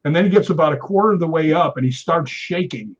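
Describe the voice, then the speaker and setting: A man, a guest on a chat show, telling an animated story and tagging his sentences with "right?". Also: fairly high pitch, fast, lo-fi sound.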